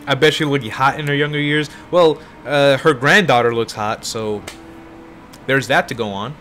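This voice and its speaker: A man's voice: mid-range voice, moderate pace, fairly bright tone. Young guy streaming a game, voice worn out, rambling jokey asides, faint noise behind. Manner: self-deprecating, rambling asides. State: tired voice. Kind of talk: casual gameplay commentary.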